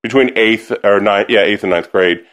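A man who sings, telling stories about his musical upbringing in a casual interview, animated and quick to laugh, acting out the voices he quotes. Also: fairly low pitch. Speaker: singer and musician, interview guest.

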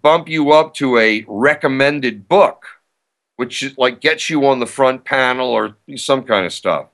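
In this podcast interview, an older author and radio host talks with a medium-pitched, fairly bright voice. His delivery is eager and casual, full of chatty self-promotion and frequent restarts.

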